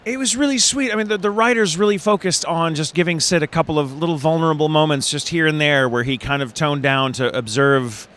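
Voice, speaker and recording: A middle-aged man from Texas, a voice actor talking in a convention interview, animated and quick to restart his sentences and laugh. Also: on the high side. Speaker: voice actor guest.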